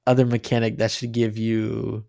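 A man co-hosting a casual podcast, rambling about a video game with animated, swearing talk and many restarts. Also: on the low side, normal speed, gravelly, no echo, clean studio sound. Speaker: podcast co-host.

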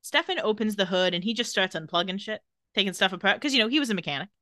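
Lively woman recapping a show. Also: medium pitch, dry recording, studio quality. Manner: animated, laughs often, brisk scene-by-scene retelling. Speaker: podcast co-host recapping a TV episode. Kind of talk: casual chat, retelling scenes with quick quotes.

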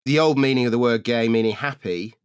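A man's voice: medium pitch, brisk, clean tone, no echo. Wry dry-witted man guesting. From Southeast London. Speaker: podcast guest. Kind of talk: casual comedy chat.

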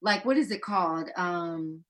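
A woman in casual chat, animated and stubborn, exclaiming often. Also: lowish voice, a little slow.

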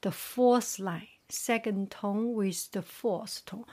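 A woman leads a slow, unhurried tone drill, saying each word twice with care before she translates it. Her voice stays soft and often drops to a whisper. The pace is very slow, with long gaps between words. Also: mid-range voice, slightly rough. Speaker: Mandarin teacher. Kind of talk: slow tone-drill lesson, reading word pairs.

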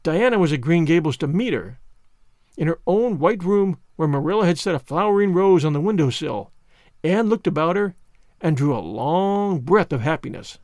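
A man narrating a classic novel aloud in an expressive storybook reading. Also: fairly high pitch, normal speed, no room sound, studio quality. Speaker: audiobook narrator.

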